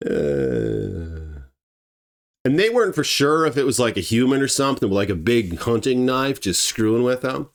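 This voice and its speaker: A man telling a true story in a casual, animated way, swearing and acting out the scenes. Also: medium pitch, normal speed.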